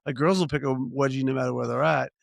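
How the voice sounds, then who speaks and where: Older man with a gravelly, rambling voice. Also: medium pitch, steady tone, fast talker, dry recording. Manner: rambling storyteller with many restarts and fillers. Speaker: podcast co-host. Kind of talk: casual chat.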